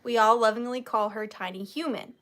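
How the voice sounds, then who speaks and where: A woman's voice: fairly high pitch, steady tone, fairly quick, a bit bright, a little hiss or hum. A woman in her thirties hosting a live vintage sale, chatting in a gushing, proud way. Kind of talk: casual live-sale chat.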